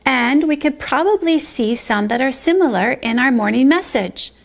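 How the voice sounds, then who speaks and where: Preschool teacher lady, high voice with some gravel in it, talks slow and sing-songy to little kids. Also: animated. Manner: slow, sing-song, drawn-out words for small children. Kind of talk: pre-K circle time lesson.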